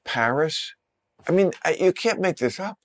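A man's voice: high voice, expressive, fairly quick. An older man hosting a casual talk show, making dry, lecturing points. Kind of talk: casual chat and read sponsor ad.

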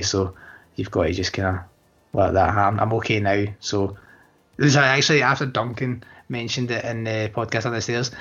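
A man's voice: fairly low pitch, fairly bright tone. A man co-hosting a podcast in casual, joking, sweary chat. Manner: laid-back, joking, sweary. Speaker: podcast co-host. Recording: muffled lo-fi podcast audio.

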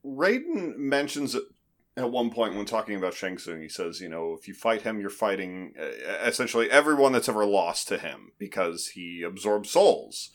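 A man in casual movie-review chat, talking in halting restarts with dry humor. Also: lowish voice, sing-song. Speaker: podcast co-host.

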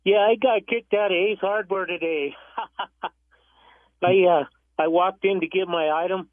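A man calls in to a radio show and rambles through a story in a high voice. He is heard over a thin, tinny phone line. The sound is dry. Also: steady tone, unhurried, dry recording. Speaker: caller. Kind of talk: telling a story on a phone call.

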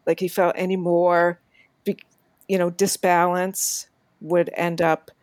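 A woman co-hosting a casual book discussion, talking in an animated way and reading passages aloud. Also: on the low side, takes it slowly, no room sound.

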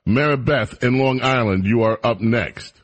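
Brisk Southern man hosting call-in radio. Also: mid-range voice, muffled recording. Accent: Southern American. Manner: brisk, urging callers to be quick. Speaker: radio talk show host.

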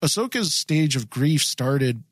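Podcast co-host, male, slightly high voice, dry close sound, eager and rambling. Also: unhurried, dry recording. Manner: excited, rambling with restarts. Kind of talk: casual chat.

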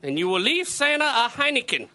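A man's voice: very high voice, big pitch swings, a little fast, a crowd in the background. A man putting on a bossy German-accented Santa Claus in a radio comedy sketch, clipped and commanding. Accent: German (put on). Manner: clipped, commanding, laughing through lines.

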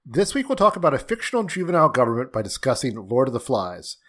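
Lively man hosting a podcast. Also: mid-range voice, fast. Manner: wry, lively delivery. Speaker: podcast host. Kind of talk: scripted podcast narration. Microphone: video call.

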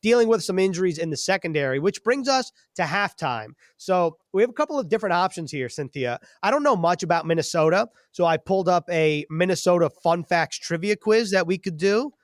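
A man hosting a sports podcast in a casual chat, upbeat with quick asides while reading out quiz questions. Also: high voice, expressive, no echo, studio quality. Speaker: podcast host.

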